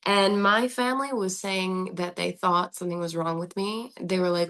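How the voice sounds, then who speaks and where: An American woman in her thirties hosting a podcast, telling her own story in an animated way and laughing often. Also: on the low side, moderate pace, hardly any pauses. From United States. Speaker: podcast host. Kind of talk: casual conversational podcast.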